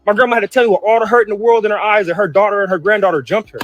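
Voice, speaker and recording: Man, high voice, fast, heated profane rant, repeats himself, faint music behind. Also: steady tone, fairly bright tone. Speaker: brother in a family feud clip. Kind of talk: emotional rant.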